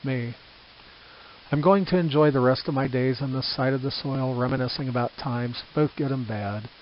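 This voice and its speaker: Older man reading his reflective book. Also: medium pitch. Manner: earnest, measured, with small restarts. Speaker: author narrating his book. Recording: slightly dull with faint hiss.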